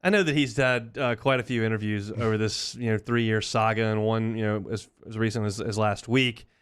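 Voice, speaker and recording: Guy hosting sports radio, smooth clear voice, just chatting opinions. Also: fairly low pitch, steady tone, moderate pace. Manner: conversational, opinionated. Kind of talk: sports talk radio chat.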